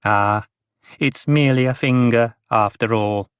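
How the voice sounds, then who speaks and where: A man voicing a wry, riddling male dwarf jester in an audiobook, speaking in punning, singsong riddles at an unhurried pace. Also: medium pitch, smooth, dry recording, close to an everyday voice. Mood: mocking.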